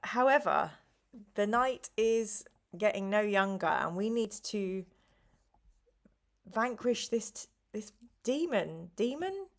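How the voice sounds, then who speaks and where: A middle-aged woman hosting a live stream, chatting casually and a little slowly because she is tired, with rambling asides and apologies. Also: mid-range voice, animated, vocal fry. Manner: slow, rambling, chatty with frequent ums and apologies. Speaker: live stream host running a gamebook play.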